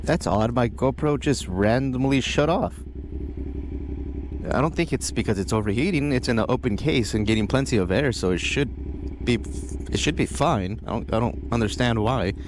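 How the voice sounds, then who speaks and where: A man's voice: medium pitch, expressive, moderate pace, noisy background. A man riding a motorcycle, commenting casually and thinking aloud, often trailing off. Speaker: motovlogger. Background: loud music.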